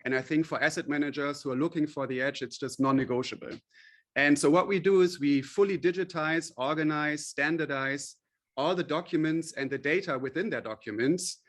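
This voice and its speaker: A man's voice: fairly high pitch, a little fast, fairly bright tone. A man being interviewed as a company CEO, explaining at length with many fillers and restarts. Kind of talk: podcast interview.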